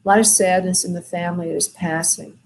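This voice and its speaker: Soft-spoken woman medium, low voice. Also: fairly even intonation, vocal fry, slight background noise, low-quality recording. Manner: gentle, soothing, slow with many fillers. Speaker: spirit medium hosting a call-in show. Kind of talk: call-in reading, soft and consoling.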